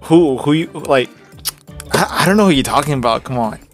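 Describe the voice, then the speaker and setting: Man, lively pitch, a bit high, jokey yelling, faint music behind. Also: a little fast. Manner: jokey, yelling during fights. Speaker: gamer. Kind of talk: casual gaming banter.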